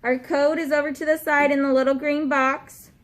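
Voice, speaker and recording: A woman's voice: high voice, flat delivery, moderate pace. A woman teaching a grammar lesson to a class in a classroom, patient, checking understanding with frequent questions to the students. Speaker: elementary school teacher.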